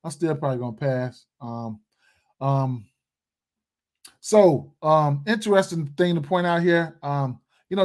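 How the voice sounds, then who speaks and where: A man's voice: a little high, moderate pace. A man hosting a live sports betting stream, talking in a slangy, rambling way and chatting with his viewers. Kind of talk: casual live stream chat.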